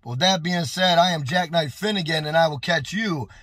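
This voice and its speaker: A man telling a casual storytime monologue to his channel, animated and exclaiming, often repeating phrases. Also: a little high, fairly quick, breathy edge. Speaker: YouTube storyteller.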